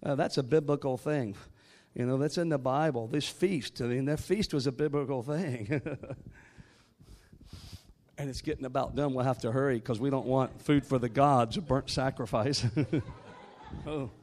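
A man's voice: medium pitch, steady tone, moderate pace, darkish tone, slight background noise. A man preaching a sermon, moving from joking asides to rising call-and-response exhortation. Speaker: guest preacher.

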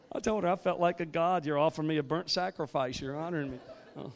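High-voiced man preaching a lively sermon. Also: normal speed, vocal fry. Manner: joking asides, then rising call-and-response preaching. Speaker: guest preacher.

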